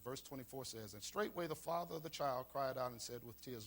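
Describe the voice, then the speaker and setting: A man's voice: medium pitch, brisk, hardly any pauses, fairly bright tone. A man pastor preaching a sermon, repeating key lines for emphasis. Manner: preaching with call-and-response emphasis and repetition.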